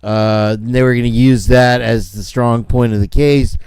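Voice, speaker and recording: Slow, mellow-voiced male host. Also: medium pitch, steady tone, clean tone, no echo, clean studio sound. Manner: rambling, laughing, sarcastic asides. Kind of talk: casual commentary chat.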